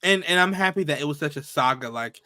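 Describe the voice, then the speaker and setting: A man co-hosting a podcast in casual chat, telling stories in a playful, animated way with quick asides. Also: a little high, no echo. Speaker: podcast co-host.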